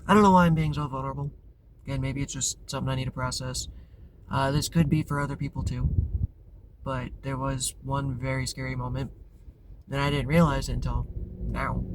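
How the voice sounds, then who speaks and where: A man's voice: medium pitch, fairly even intonation, fairly quick. A man hosting a tarot channel, talking casually and candidly to camera, rambling and often restarting his sentences. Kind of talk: casual confessional talk to camera. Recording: clear background noise with vehicle sounds.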